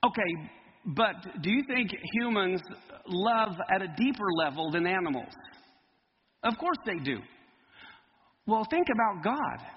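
High gravelly preacher in a hall. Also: male voice, muffled recording, slight background noise. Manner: lively, emphatic, explains Hebrew words. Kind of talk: bible teaching sermon.

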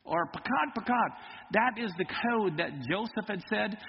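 High gravelly preacher in a hall. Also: male voice, moderate pace, muffled recording, a little hiss or hum. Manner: lively, emphatic, explains Hebrew words. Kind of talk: bible teaching sermon.

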